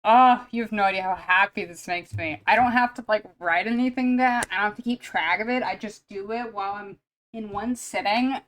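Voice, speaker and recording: A woman streaming live as she draws, chatting casually and gushing, with quick mock-dramatic asides. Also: medium pitch, fairly bright tone, a little hiss or hum. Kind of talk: casual live-stream chat while drawing.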